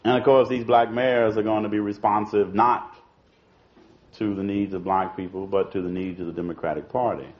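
Fairly low-pitched and steady in tone, a man speaks at a moderate pace, giving an audience an informal political talk. He repeats words and uses "you know" and "see" a lot, heard through dull lo-fi archival audio.

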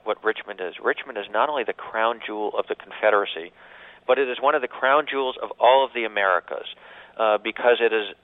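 A man, an author guest on a radio call-in show, telling history as a vivid, dramatic story and repeating words as he starts. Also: fairly low pitch. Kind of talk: phone interview, vivid storytelling. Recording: tinny phone line.

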